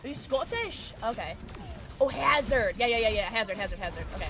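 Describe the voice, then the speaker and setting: A woman's voice: on the high side, a little fast, over music. A young woman streaming a game, chatting casually and giggling often as she reacts to play. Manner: giggly, excitable, talks to herself while playing. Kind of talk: casual gameplay chat.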